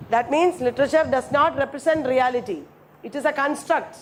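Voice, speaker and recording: A woman giving a classroom lecture, repeating key phrases slowly and checking that students follow. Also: high-pitched, a little hiss or hum.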